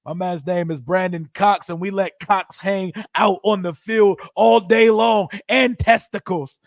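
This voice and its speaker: A man's voice: sits high, measured pace, gravelly, few pauses, no echo, studio quality. A man in his forties hosting a post-game fan livestream, hyped up and trash-talking brashly. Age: 40s. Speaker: livestream host.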